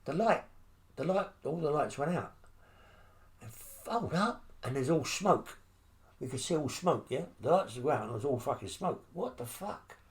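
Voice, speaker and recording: A man's voice: medium pitch, lively intonation, brisk. An older man with a London accent telling prison stories in an interview, blunt and rambling, full of swearing and tag questions. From England. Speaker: interviewee, former criminal. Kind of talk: storytelling interview.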